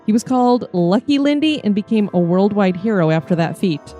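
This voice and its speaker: A woman co-hosting a podcast, giving a steady, informative scripted history narration. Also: mid-range voice, fairly quick, soft background music. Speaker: podcast co-host.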